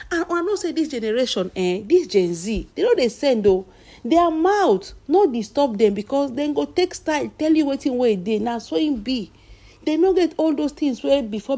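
A woman's voice: fairly high pitch, a little mellow. A woman with a Nigerian accent, retelling celebrity gossip in chatty storytelling, often calling out to her listeners. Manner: chatty, addresses audience as "my people".

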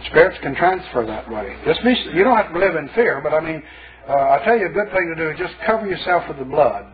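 A man's voice: fairly high pitch, lively intonation, fast. A male pastor preaching a sermon in a folksy, colloquial storytelling manner. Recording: lo-fi phone-like sermon tape.

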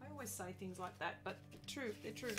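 A middle-aged woman chatting casually to viewers while she paints on a live stream, chatty and self-deprecating with bursts of excited laughter. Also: mid-range voice, fairly quick, loud music behind the voice.

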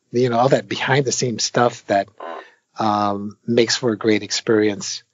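Older game-designer guest, husky low voice, rambling and filler-heavy, dull lo-fi audio. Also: male voice, no room sound. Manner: rambling, many fillers, animated retelling of anecdotes. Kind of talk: casual interview talk.

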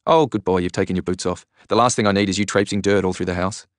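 A man's voice: deep voice, steady tone, fast talker, dry recording, studio quality, close to an everyday voice. A man voicing a fussy, scolding older grandmother in an audiobook.

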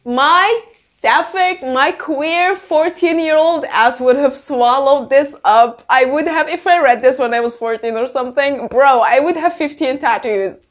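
A young woman reviewing books to camera in a casual, gushing, excitable way, swearing freely. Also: high voice, a little slow. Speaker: book reviewer.

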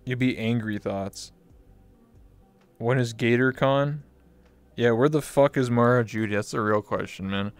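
A man's voice: medium pitch, measured pace, long pauses, smooth, no echo, soft background music. A man hosting a live-stream interview in casual chat, joking crudely and swearing a lot. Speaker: talk show host. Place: virtual reality chat stream.

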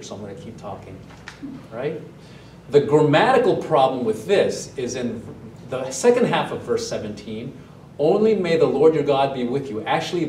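Pastor, male, mid-pitched, lively sermon delivery, recorded from a distance in a reverberant sanctuary with a faint hum. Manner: animated, asks the congregation questions. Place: church sanctuary, also streamed online. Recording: roomy echo, mic at a distance.

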